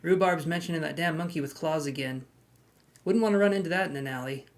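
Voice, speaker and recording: A man's voice: a little high, quick pace. Jokey man chatting on a live stream. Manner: jokey, greets viewers by name and hands out queue numbers. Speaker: tarot reader hosting a live stream. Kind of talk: casual live-stream chat.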